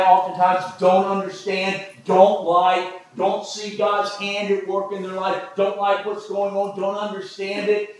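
A man's voice: on the high side, roomy sound, rough recording. A man preaching a sermon, telling folksy stories with jokes. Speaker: pastor.

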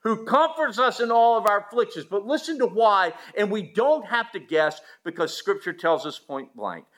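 A man preaching a sermon, emphatic, asking the listeners rhetorical questions and swinging from loud to hushed. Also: high voice, lively intonation, moderate pace.

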